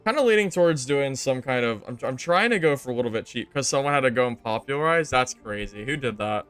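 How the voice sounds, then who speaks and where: Young man streaming, smooth and exasperated. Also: animated, fast, soft background music. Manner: exasperated, joking, jumps to loud high outbursts. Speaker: game streamer. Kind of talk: casual gameplay commentary.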